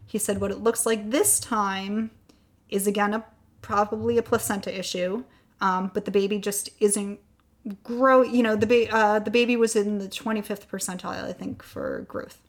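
A woman's voice: medium pitch, moderate pace. A woman in her thirties telling a personal story in casual conversation, acting out the voices of the people she quotes. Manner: animated storyteller who acts out quoted voices. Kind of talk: casual chat.

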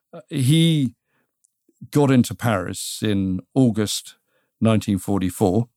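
A British man co-hosting a casual history chat, telling it in a measured, dryly wry way. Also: fairly low pitch, a little mellow, dry recording, studio quality. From Britain.

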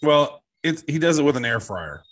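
A man co-hosting a podcast in casual chat, joking and telling animated stories. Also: a little high, normal speed. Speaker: podcast co-host.

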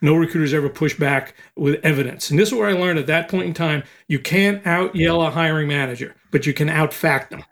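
Older male podcast guest, lively storyteller with a fairly high voice. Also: fairly quick, gravelly, hardly any pauses. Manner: animated storyteller, acts out quotes. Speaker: recruiting expert guest.

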